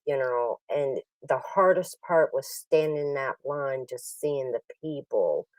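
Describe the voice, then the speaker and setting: A woman's voice: very deep voice, lively intonation, unhurried, darkish tone, dry recording. A woman chatting sympathetically in casual conversation. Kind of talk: casual chat. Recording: dry, distant mic.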